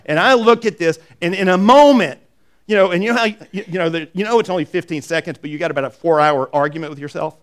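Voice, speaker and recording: A middle-aged man preaching a sermon, telling stories with emphatic repeats and quick asides. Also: high-pitched. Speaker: pastor.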